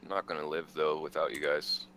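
A man in casual gaming chat with friends, excitable and giggly, swearing often. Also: rumbling low, fairly quick, background noise. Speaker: gamer.

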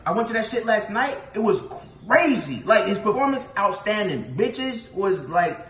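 A man's voice: sits high, big pitch swings, normal speed. A man acting in comedy sketches, brash and cocky, with streetwise slang. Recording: echoey room with loud background noise.

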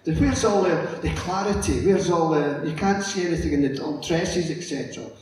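A middle-aged man giving a lively, storytelling conference talk and acting out the characters. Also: fairly high pitch, a little fast. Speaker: conference speaker. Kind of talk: illustrated public lecture. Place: conference hall. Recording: echoey hall, distant mic, faint noise.

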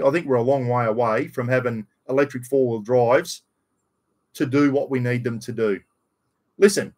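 A middle-aged Australian man chatting bluntly and rambling on a casual live stream, still getting over a cough. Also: medium pitch. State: slight cough after illness. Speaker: livestream host.

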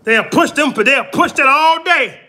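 A very high, bright-voiced man from California talks on a casual livestream, preaching and hammering the same points over and over. He is recorded on a phone held some way off in a home kitchen, so the sound is very echoey and distant. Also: measured pace. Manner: preachy, repetitive, emphatic. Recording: very echoey room, voice far off.

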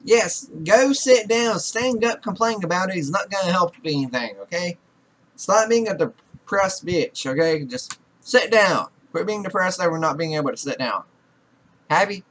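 Expressive and fairly bright, this high-voiced young man talks at normal speed with slight background noise. He's a gaming YouTuber whose Let's Play commentary is laced with swearing as he exasperatedly scolds and directs his characters.

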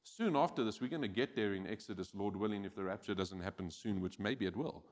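A man preaching a sermon as pastor, animated and acting out quoted voices. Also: lowish voice, fast talker. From South Africa. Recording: church hall with long reverb.

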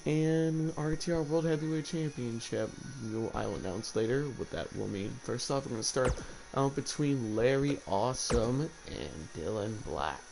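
A man's voice: medium pitch, noisy background. Young man hosting a wrestling stream with a cold. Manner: eager, stumbling restarts. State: slightly hoarse from a cold. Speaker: host of an online wrestling league stream. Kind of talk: livestream play-by-play commentary.

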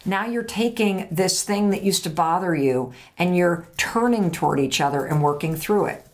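A middle-aged woman speaks straight to the camera as host, giving blunt, emphatic advice in a casual manner. Her voice sits a little low for a woman, and she drops the occasional swear word without slowing down. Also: animated. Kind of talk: direct-to-camera advice talk.

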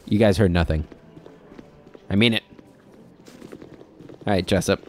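A man's voice: low-pitched, a little slow, pauses often, a little mellow. A man hosting a let's play, reading game text aloud with casual commentary and dry offhand asides.

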